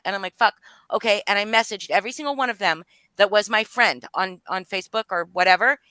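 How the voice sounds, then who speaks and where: Woman, fired-up livestream confrontation, profane and heated, bright voice, dry close sound. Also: mid-range voice, brisk, no room sound. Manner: angry, profane, voice rising and falling. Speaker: livestream guest speaking out. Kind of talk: emotional live-stream confrontation.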